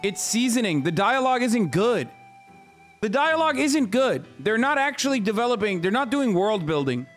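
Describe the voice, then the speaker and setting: Male streamer, casual commentary, swearing and ranting, high voice, faint game music. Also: sing-song, moderate pace, fairly bright tone. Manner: profane, ranting, exasperated.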